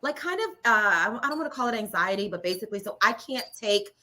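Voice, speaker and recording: A bright, forceful woman's voice talks through a casual interview as a guest. She is frank and profane, laughs often and keeps dropping "like" as she explains herself. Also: medium pitch, expressive, fast talker. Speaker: radio personality and entertainment reporter, guest. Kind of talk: candid casual chat.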